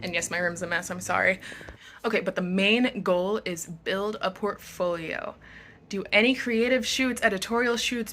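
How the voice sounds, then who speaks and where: A woman's voice: medium pitch, sharp tone. A young woman in her bedroom giving frank, upbeat advice in a casual vlog. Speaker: model and vlogger. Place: bedroom at home.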